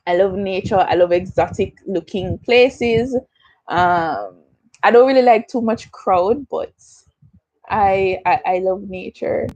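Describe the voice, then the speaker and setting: A woman's voice: medium pitch, slow pace, a little mellow, dry recording, highs cut off. Chatty young Jamaican woman, dry sound. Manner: chatty, slips into patois, answers viewer comments. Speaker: YouTuber hosting a livestream Q&A. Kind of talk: casual livestream chat.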